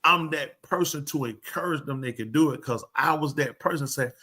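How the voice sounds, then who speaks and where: A man's voice: on the high side, moderate pace. An older man, a preacher, telling stories in casual talk and acting out dialogue in a raised voice. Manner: animated, acts out dialogue in raised voice.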